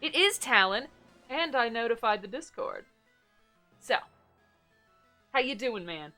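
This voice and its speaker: A woman streamer giving excitable, giggly commentary while playing a game, swearing now and then. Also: fairly high pitch, a little slow, faint music behind. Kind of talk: casual gameplay commentary.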